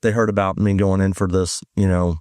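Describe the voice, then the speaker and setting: Man, low voice, guest giving a rambling personal testimony, dry close sound. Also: fairly quick, no echo. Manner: rambling, animated storytelling with many fillers. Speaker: guest sharing his testimony. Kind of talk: conversational testimony.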